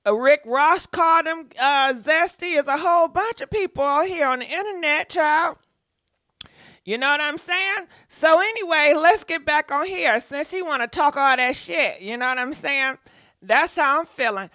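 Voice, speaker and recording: High bright-voiced lady spilling celebrity tea, dry close sound. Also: moderate pace, no room sound. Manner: sassy, laughing, talks back at celebrities. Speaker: gossip show host. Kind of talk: casual live gossip commentary.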